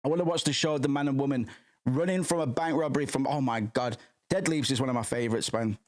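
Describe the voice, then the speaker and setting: A man's voice: mid-range voice, quick pace. Profane, rambling male streamer. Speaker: livestream host. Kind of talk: casual stream chat.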